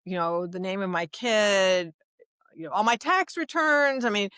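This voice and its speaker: Animated American woman telling her story. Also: mid-range voice, unhurried, clean tone, no echo, clean studio sound. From United States. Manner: animated storyteller, acts out dialogue, many restarts. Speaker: guest, human rights advocate and lawyer. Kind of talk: interview answers, storytelling.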